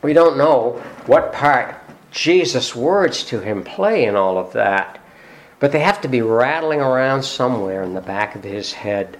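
A man's voice: medium pitch, expressive, a little slow. Conversational male preacher with rhetorical questions. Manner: frequent "uh" fillers. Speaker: pastor. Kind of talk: sermon.

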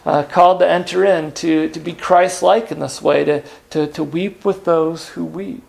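Gravelly higher-voiced male preacher. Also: fairly even intonation, moderate pace, a little mellow. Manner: earnest, with frequent "uh" and rhetorical questions. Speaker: pastor. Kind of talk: sermon.

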